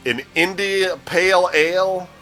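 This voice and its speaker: A man's voice: high-pitched, steady tone, measured pace, pushed and bright, faint music behind. A man hosting a casual gaming news show, joking and laughing as he reads the week's releases. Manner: jokey, laughs often, stumbles over names. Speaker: news host. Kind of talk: casual podcast chat reading news.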